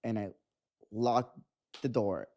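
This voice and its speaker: Young man, animated storyteller. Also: on the low side, takes it slowly. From Mexico. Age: 20s. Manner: animated storytelling, acting out dialogue. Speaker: guest photographer. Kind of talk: casual interview.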